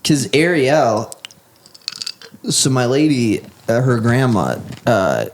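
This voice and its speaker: A man chatting loosely on a comedy podcast, his pitch leaping up and down as he cracks himself up. He swears freely and keeps sliding into mocking put-on voices. A faint hiss sits under the recording. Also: slow. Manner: animated, swearing, laughs often, does mocking impressions. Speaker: podcast co-host. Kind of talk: casual comedy podcast chat.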